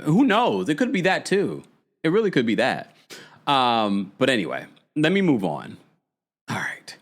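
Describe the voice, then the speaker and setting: A man hosting a podcast, casually recapping a reality show in animated, chatty commentary with frequent laughs and dramatic asides. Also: a little high.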